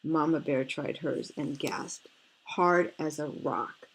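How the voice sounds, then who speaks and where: A woman reading a picture book aloud, stopping for gentle, fretful asides. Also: low-pitched, fairly even intonation, unhurried, husky, low-quality recording. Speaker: storyteller.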